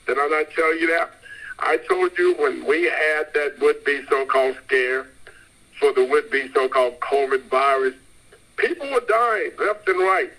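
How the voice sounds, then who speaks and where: A man's voice: a little high, measured pace, sharp tone, rough recording. A man delivering a rambling, emphatic sermon and repeating his points insistently. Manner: emphatic, repetitive, insistent preaching. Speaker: preacher. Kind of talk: street-style sermon.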